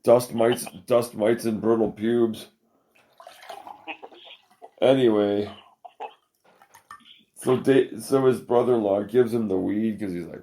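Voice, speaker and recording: A man with a fairly low voice, hosting a podcast. He tells a long, crude story in loose casual chat, swearing freely, backtracking and laughing along the way. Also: steady tone, slow, long pauses, mellow, slight background noise. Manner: profane, rambling, laughs often. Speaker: podcast host.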